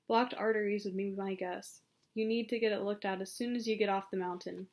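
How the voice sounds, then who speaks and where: A woman voicing a female doctor with a slight German accent who speaks calmly and clinically. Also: medium pitch, brisk, lightly acted.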